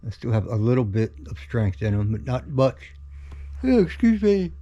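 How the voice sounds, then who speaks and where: A worn-out middle-aged man talks slowly into a handheld camera, restarting phrases and trailing off. His voice sounds mellow and dark, and the audio is slightly dull and muffled. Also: lowish voice, steady tone. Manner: tired, halting, yawning often. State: very tired. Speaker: vlogger sharing his cancer journey. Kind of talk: casual home video update. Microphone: camera held in his own hand.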